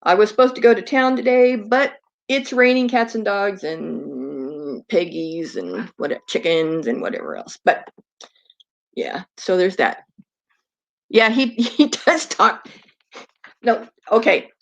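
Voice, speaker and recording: A woman's voice: medium pitch, lively intonation, takes it slowly, gravelly, lo-fi sound. A woman hosting a casual live stream in a chatty, rambling way, slipping into baby talk with her dog.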